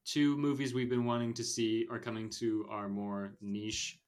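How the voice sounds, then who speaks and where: A man's voice: fairly low pitch, level tone, unhurried. Rambling opinionated male podcast host. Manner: rambling, opinionated, many fillers. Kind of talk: casual movie podcast chat.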